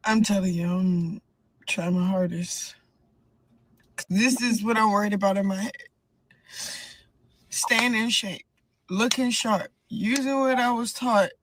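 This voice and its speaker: A woman boxer talking softly and reflectively in a tearful, emotional pre-fight vlog, recorded close on a phone. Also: medium pitch, dry recording. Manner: soft, slow, reflective and emotional.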